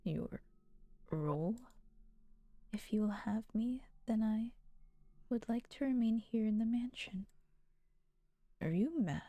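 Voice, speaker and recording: A woman voicing a tormented, self-loathing male beast in a visual novel read-through, with a halting, stammering delivery. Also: on the high side, expressive, dark tone, dry recording. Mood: menacing.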